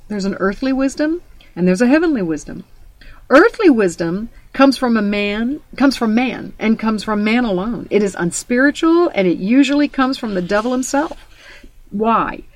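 A woman's voice: a little high, no room sound. A woman preaching a sermon, telling personal stories in a conversational way and quoting scripture. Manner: storytelling, conversational with scripture quotes.

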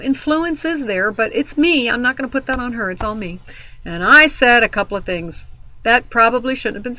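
A middle-aged Christian devotional speaker gives a teaching in an earnest, emphatic, conversational style, weaving in personal stories. Her medium-pitched voice sounds pushed and bright on a low-quality recording.

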